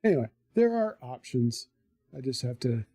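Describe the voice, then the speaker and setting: A live streamer telling a story in a casual, animated way, swearing freely. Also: medium pitch, moderate pace, slightly rough, no room sound, studio quality.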